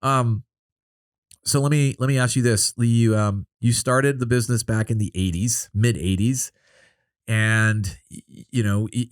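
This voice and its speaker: A man's voice: fairly low pitch, dry recording, clean studio sound. A man hosting a podcast, chatting casually and rambling, with many "like" and "you know" fillers. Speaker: podcast host. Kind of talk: casual interview chat.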